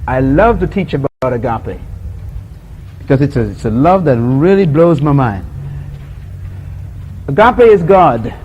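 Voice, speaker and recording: Animated man preaching a sermon. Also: mid-range voice, unhurried, pauses often, highs cut off, slight background noise. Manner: animated storytelling, acts out scenes and quotes; chuckles often while making points. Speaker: preacher teaching on love.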